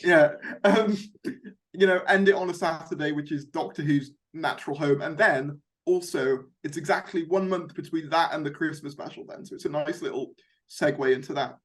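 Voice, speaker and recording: A man's voice: on the high side, normal speed. A young man hosting a casual fan discussion, chatty and rambling with lots of fillers. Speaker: YouTube host.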